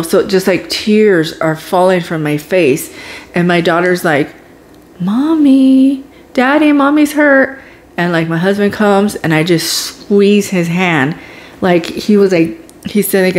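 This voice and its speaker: A woman with a somewhat low speaking voice tells a personal story straight to camera. Her retelling is animated and dramatic, and she drops into hushed whispers at the tense moments. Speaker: vlogger. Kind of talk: casual storytelling vlog.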